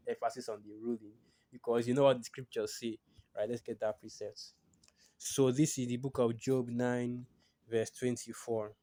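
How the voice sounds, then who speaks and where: A man's voice: medium pitch, fairly even intonation, normal speed, dark tone. A man teaching a sermon, reading verses aloud and talking casually with frequent tag questions and restarts. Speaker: preacher.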